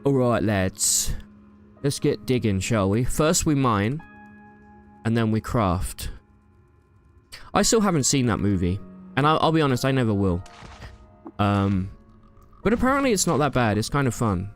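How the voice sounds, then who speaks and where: A man's voice: mid-range voice, big pitch swings, measured pace, long pauses, soft background music. A young man giving casual, playful gameplay commentary, joking and trash-talking the enemies he fights. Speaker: gaming YouTuber.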